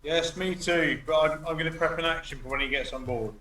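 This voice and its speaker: A man's voice: a little high, fairly even intonation, brisk, sharp tone, reverberant, far from the mic, rough recording. A man playing a tabletop game, joking and mocking his own bad rolls. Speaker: player.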